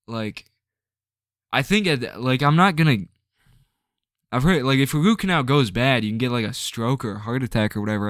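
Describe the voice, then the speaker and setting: A man's voice: medium pitch, no echo, studio quality. A man ranting to camera in a rambling, frustrated way, full of filler words and restarts. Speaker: vlogger.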